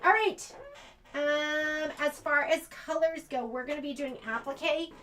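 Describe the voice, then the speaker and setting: High-voiced chatty American woman teaching embroidery. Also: measured pace, fairly bright tone. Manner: chatty, thinks aloud, self-correcting. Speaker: sewing shop instructor. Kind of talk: embroidery demonstration. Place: sewing shop.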